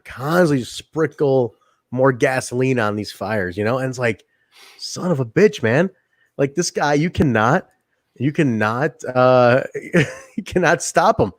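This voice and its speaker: Animated man reviewing wrestling, dry sound. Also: mid-range voice, no room sound. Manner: animated, laughs often, acts out quotes. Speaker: podcast co-host. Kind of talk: casual wrestling review chat. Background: live chat audience.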